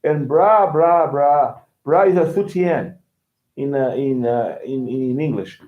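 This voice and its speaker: A man whose first language is Portuguese, teaching English in a casual, animated way, often repeating words and acting out quotes. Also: mid-range voice, takes it slowly. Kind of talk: casual lesson commentary. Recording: echoey, phone-like sound.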